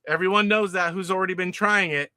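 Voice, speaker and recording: A man's voice: high voice, fairly even intonation, fast talker, bright, forceful tone, dry recording. A man from California hosting a livestream, chatting casually and rambling as he reads out viewer comments. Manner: chatty, rambling, frequent restarts and laughs. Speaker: livestream host.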